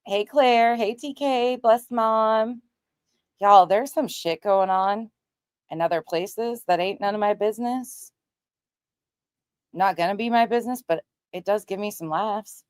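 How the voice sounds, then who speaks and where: A woman's voice: mid-range voice, a little slow, clean tone, dry recording. A woman hosting a casual livestream, greeting viewers by name and chatting bluntly, swearing now and then. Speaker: livestream host.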